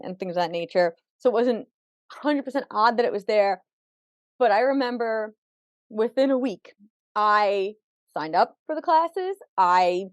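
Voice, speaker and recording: A woman with a slightly high voice appears as a podcast guest, vividly telling her life story during an interview and acting out dialogue through quotes. The recording has no room sound.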